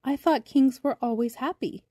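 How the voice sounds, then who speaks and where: A small, brave young bird sailor pipes up in a bright, raised voice, as a woman narrator puts him on. He sounds polite and eager, like a storybook child hero. The recording is dry and close. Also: high-pitched, moderate pace, no echo, voice pushed up. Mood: curious.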